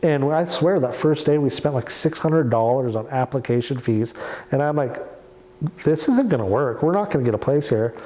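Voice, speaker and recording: A man's voice: mid-range voice, expressive, normal speed, dark tone. A young man from Oregon in an oral history interview, telling his story in a candid, chatty way and acting out quoted dialogue. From Oregon, USA. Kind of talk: casual storytelling. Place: indoors, near a small town.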